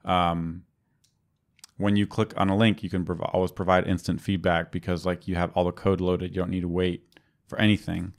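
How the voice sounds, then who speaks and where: A man with a low voice chats casually as a podcast co-host. He rambles through his points, leaning heavily on fillers and restarting sentences as he goes. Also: little pitch movement, normal speed. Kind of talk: casual technical chat.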